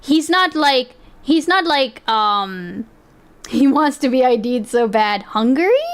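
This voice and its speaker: A woman's voice: high-pitched, very animated, slow pace, smooth. A woman streaming, reacting to videos in casual commentary, blunt and profane, often talking over the clip.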